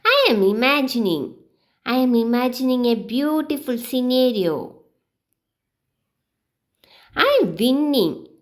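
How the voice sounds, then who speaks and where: Slow, clear, and sing-song, a female English teacher reads easy example sentences aimed at beginners. Her voice is high-pitched and lively.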